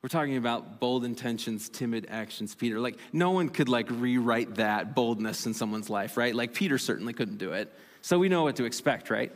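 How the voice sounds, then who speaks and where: A male pastor delivering a sermon in a conversational, animated way, with self-deprecating asides. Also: mid-range voice, brisk. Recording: long reverb of a large hall.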